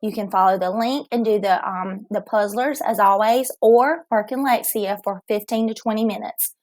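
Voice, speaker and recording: A woman teacher giving a recorded reading lesson to young children, speaking slowly and clearly and sounding encouraging. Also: mid-range voice, a little mellow.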